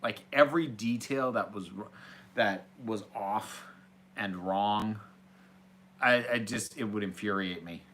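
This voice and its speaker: Bright-voiced man answering viewer questions. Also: on the low side, unhurried, slight background noise. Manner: chatty and hesitant, restarts phrases. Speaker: host. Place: small office room.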